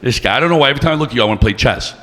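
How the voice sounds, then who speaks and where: A man's voice: medium pitch, animated, very fast, noisy background. A man doing stand-up, brash and profane, teasing the crowd. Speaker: stand-up comedian. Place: comedy club stage. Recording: long reverb of a club room.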